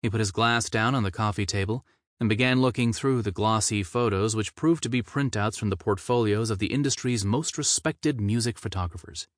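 A man reading a novel aloud as narrator, steady and measured. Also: fairly low pitch, no echo, studio quality. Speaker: audiobook narrator. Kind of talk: scripted narration.

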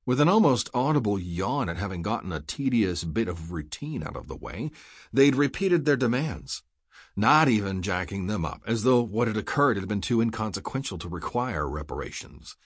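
A man reading a science fiction novel aloud in measured, wry scripted narration. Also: lowish voice, sing-song, husky, no room sound, studio quality. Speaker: audiobook narrator.

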